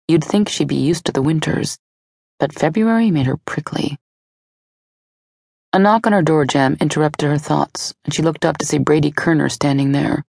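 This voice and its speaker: A woman narrating an audiobook in a steady, even storytelling delivery on a close studio mic. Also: deep voice, vocal fry, no echo.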